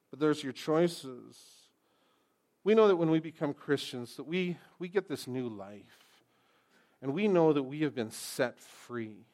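A middle-aged pastor with a mid-range voice preaches a lively sermon full of jokes. He swings between loud emphasis and quiet, intense passages.

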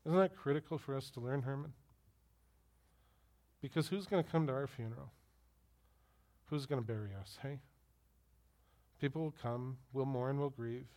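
A man's voice: mid-range voice, moderate pace, long pauses, darkish tone. A middle-aged man preaching a sermon as pastor, telling personal stories and putting direct questions to his listeners.

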